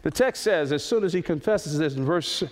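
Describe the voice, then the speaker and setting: Preaching man in a reverberant hall. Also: animated. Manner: preaching with sudden swells to high, loud climaxes and soft, slow drops. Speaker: pastor. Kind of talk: sermon.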